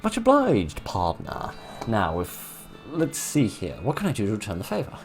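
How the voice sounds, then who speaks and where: Guy putting on a folksy drawly cowboy, friendly, kinda low voice. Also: wildly swooping pitch, moderate pace, faint music behind. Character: folksy old-west cowboy man, friendly.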